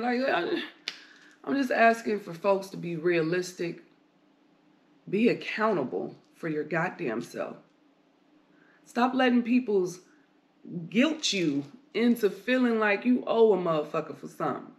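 A podcast host giving blunt, heavily profane advice in a rambling solo monologue, hammering points home with repeated commands. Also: mid-range voice.

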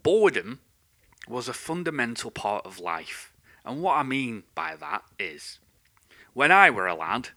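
A man, hosting a podcast in a sweary, rambling, animated ranting monologue. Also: mid-range voice, a little slow. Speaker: podcast host.

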